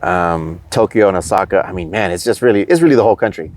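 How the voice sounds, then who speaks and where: A man's voice: sits low, quick pace, a little mellow. A man from the United States, a podcast guest, chatting casually and with enthusiasm about travel.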